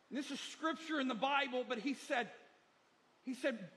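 A man's voice: extremely high pitch, moderate pace, bright, forceful tone. A middle-aged male pastor preaching a sermon, emphatic and repetitive, moving between lessons and personal stories.

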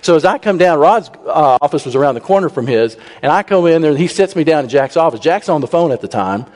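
A man telling a humorous personal story to a congregation, animated and acting out the people he quotes. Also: a little high, fast talker. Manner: animated, raises his voice when he quotes people. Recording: long reverb in a large hall.

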